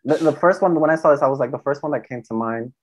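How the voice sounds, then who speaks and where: A man joining a podcast as a guest and telling stories in an excitable, sassy casual chat. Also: fairly high pitch, quick pace. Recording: slightly dull lo-fi sound.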